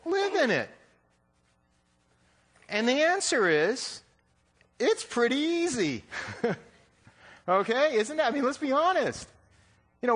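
A man's voice: high-pitched, fairly bright tone. A man preaching a sermon in a conversational, joking way, often checking in with his listeners. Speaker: pastor.

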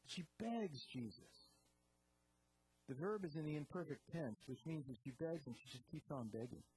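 A preacher delivering an expository sermon, earnest, asking rhetorical questions, and swinging between hushed low lines and raised emphatic ones. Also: expressive, moderate pace, slight background noise, low-quality recording.

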